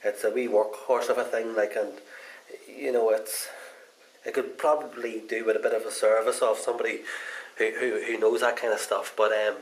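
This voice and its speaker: A man's voice: lowish voice, little pitch movement, moderate pace, poor audio. A man chatting his way through a casual hands-on guitar repair demonstration in a folksy, rambling manner.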